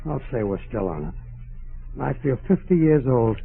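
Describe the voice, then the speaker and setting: A man's voice: mid-range voice, big pitch swings, normal speed, creaky, breathy edge, heavily acted. A man playing an exasperated, hungry husband in a 1940s radio comedy, complaining throughout. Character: exasperated, starving henpecked husband. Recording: tinny old radio broadcast, faint hiss.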